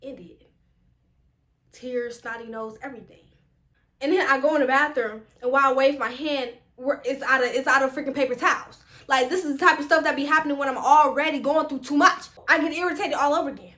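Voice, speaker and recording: High-voiced young woman telling a story. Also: a little fast. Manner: animated, exasperated, slangy storytelling. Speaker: vlogger. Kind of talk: casual storytime.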